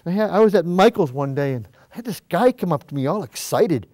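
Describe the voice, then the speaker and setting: A man's voice: a little high, expressive, fairly quick, darkish tone, no echo. Chatty older man teaching painting. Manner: chatty, folksy, rambling asides while painting; moves away from the mic to step back and view the canvas. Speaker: painting show host. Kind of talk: casual painting demonstration. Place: high school cable TV studio.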